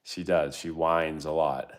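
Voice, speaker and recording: In a very deep, somewhat slow voice with little pitch movement, a middle-aged man hosts his channel's casual live-stream Q&A. Once a pro baseball player, he tells rambling stories and interrupts himself.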